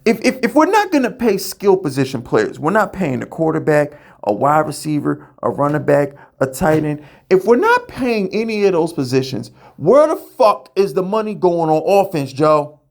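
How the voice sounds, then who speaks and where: A man's voice: fairly high pitch, very animated, normal speed, creaky, few pauses. A man hosting a fan show, ranting heatedly and profanely, often stammering and repeating words as he fires questions. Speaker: podcast host.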